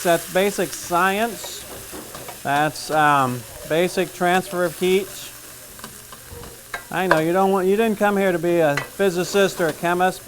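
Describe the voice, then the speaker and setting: A man with a slightly high voice teaches a cooking class, chatting casually and cracking jokes as he works. A pan fries and sizzles behind him, with faint background noise. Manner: casual, joking, talks while cooking. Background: frying and sizzling.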